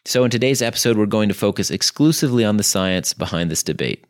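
Deep gravelly-voiced ill man. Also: expressive, fast talker, no room sound, studio quality. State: ill, losing his voice. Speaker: podcast host. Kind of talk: scripted podcast intro.

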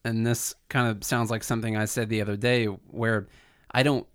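A man's voice: fairly low pitch, level tone, moderate pace, clean tone. A man co-hosting a podcast, explaining his points in casual talk with many fillers. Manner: explanatory, filler-heavy, speeds up telling stories. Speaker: podcast co-host. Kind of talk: casual political podcast chat.

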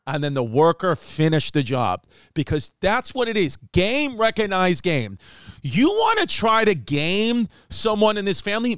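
Animated man telling a comic story. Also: high-pitched, clean tone, no echo, studio quality. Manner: animated, fast, acts out quotes with Spanish asides. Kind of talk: casual storytelling monologue.

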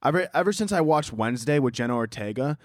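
A man's voice: mid-range voice, animated, quick pace, no room sound, clean studio sound. A young man hosting a podcast, with a rambling, profane comic monologue, often laughing at his own jokes. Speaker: podcast host. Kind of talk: casual comedic monologue.

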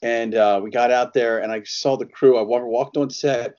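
A man's voice: medium pitch, steady tone, moderate pace, a little mellow, lo-fi sound. A man who is an actor, chatting as an interview guest, laughing often and acting out quotes as he tells stories. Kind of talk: casual interview chat.

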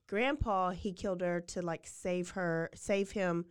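A woman's voice: lowish voice, a little slow, clear, resonant tone. A woman hosting a podcast, casually retelling a true-crime story with lots of fillers and acted-out quotes. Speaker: podcast host.

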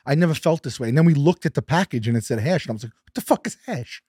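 A man telling a story as a podcast guest, animated, acting out his quotes and sometimes dropping to a whisper. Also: mid-range voice, very fast, breathy edge, no room sound, studio quality. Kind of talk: casual storytelling.

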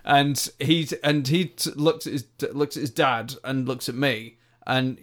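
A man's voice: medium pitch, fairly even intonation, measured pace, fairly bright tone. Man, casual rambling podcast chat, restarts often, swears. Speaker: podcast co-host.

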